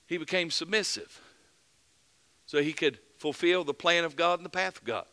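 A man preaching a fervent mid-week sermon as pastor, building to loud emphatic peaks and dropping back to earnest plain talk. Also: a little high, normal speed. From United States.

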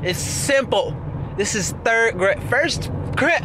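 A young male vlogger rants and chats casually while driving, his high voice swinging widely in pitch at a slow pace. He laughs often and trails off into fillers. Car and road noise, including traffic, sits behind his voice.

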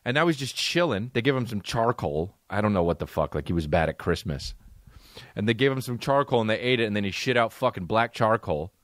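A man's voice: lowish voice, animated, fairly quick, no echo, clean studio sound. A man hosting a podcast, telling a comic story with a profane, exasperated, punchy delivery. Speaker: podcast host. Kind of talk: comedic storytelling monologue.

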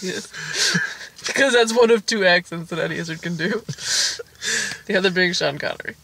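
A woman's voice: lowish voice, normal speed, fairly bright tone, a little hiss or hum. A woman co-hosting a casual film review, dropping dry, jokey asides.

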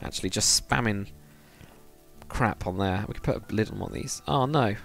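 A man's voice: on the low side, normal speed, gravelly, a bit bright, soft background music. A young man, chatting casually on a live stream while building in a game, rambling and reading viewer comments aloud.

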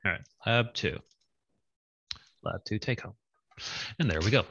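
A man's voice: on the low side, animated, unhurried, creaky, fairly bright tone, dry recording, lo-fi sound. A man leading an online coding lab over a video call, casual and thinking aloud with many fillers. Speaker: lab instructor. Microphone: video call with screen share.

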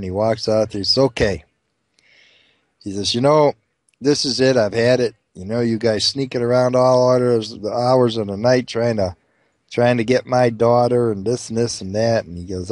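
A man telling crude jokes as an animated storyteller, doing many character voices. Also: fairly low pitch, moderate pace, dry recording, studio quality. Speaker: joke teller.

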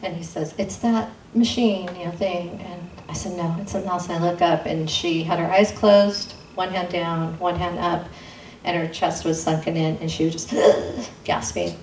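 A woman's voice: fairly even intonation, moderate pace, hardly any pauses, darkish tone. Woman telling a testimony, roomy and distant. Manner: earnest, re-enacts dialogue with sudden pitch jumps. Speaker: guest speaker sharing testimony. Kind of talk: personal testimony storytelling. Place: intimate church gathering room. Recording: roomy sound from a distant mic, faint noise.

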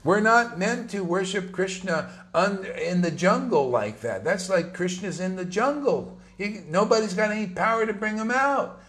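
A man's voice: high voice, expressive, moderate pace, hardly any pauses, a bit bright. A man giving an informal, emphatic sermon to his followers, talking conversationally with slangy asides. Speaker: spiritual teacher.

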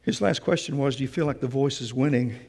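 A man's voice: medium pitch, quick pace, vocal fry, darkish tone, husky. A man preaching a sermon, emphatic and speaking straight to the congregation in a church. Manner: emphatic, addresses the congregation directly. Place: church sanctuary. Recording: long reverb of a church hall.

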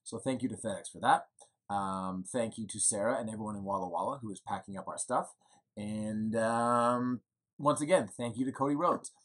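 His voice is lowish and his pace moderate as the man, a winery co-owner in his thirties, shares a rambling, chatty update on video from indoors at home in the evening. Fillers and self-deprecating humor run throughout.

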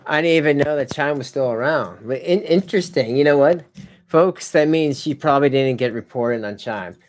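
A man's voice: on the high side, moderate pace. A man hosting a live stream, commenting with many fillers and restarts and wry asides. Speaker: commentary channel host.

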